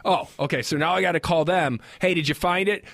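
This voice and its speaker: A young adult man co-hosting a casual podcast, telling a story with lots of swearing and quick imitations of the people he talks about. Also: fairly high pitch, vocal fry, dry recording, studio quality. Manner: animated storyteller, swears a lot, mimics people he quotes. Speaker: podcast co-host. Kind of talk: casual crude banter and storytelling.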